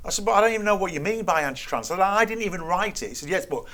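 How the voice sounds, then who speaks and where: A man's voice: high-pitched, expressive, racing, sharp tone. A middle-aged man, a guest telling a story in conversation and acting out the quoted exchanges with an incredulous, wry tone.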